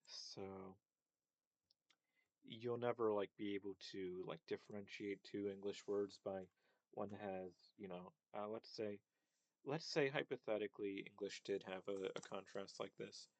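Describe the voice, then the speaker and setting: A man's voice: fairly low pitch, a little slow, no room sound. A man giving a casual, hesitant lecture on linguistics, full of fillers and repeated sound demonstrations. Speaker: linguistics presenter.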